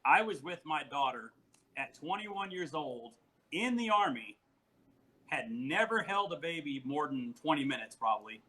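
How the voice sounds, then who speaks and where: Man, forties, podcast guest, storytelling, animated, laughing, bright tone. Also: fairly high pitch, normal speed, low-quality recording. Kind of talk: casual podcast chat.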